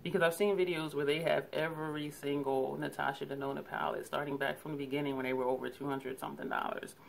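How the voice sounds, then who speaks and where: Woman beauty vlogger, lowish voice, chatty and casual, laughs often, trails into soft asides. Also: gravelly, a little hiss or hum. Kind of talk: casual product review.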